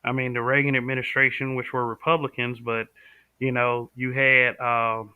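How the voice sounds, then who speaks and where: A man from the American South hosts a live stream and gives blunt opinions while answering viewers' comments. His voice sits at an ordinary middle pitch. The audio is tinny and phone-like, with no room echo. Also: flat delivery, normal speed, clear, resonant tone. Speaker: livestream host.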